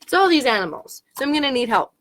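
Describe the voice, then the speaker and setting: Animated woman reading to children. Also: high-pitched, quick pace. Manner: playful, animated, makes animal sounds. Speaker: children's librarian. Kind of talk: reading picture books aloud to children.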